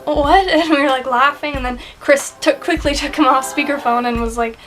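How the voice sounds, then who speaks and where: A woman's voice: sits high, fairly even intonation. A young woman chatting casually in a vlog, giggling often and acting out what people said. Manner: giggly, chatty, quickly shifting between quoted voices. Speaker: vlogger. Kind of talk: casual chat recounting a fan convention.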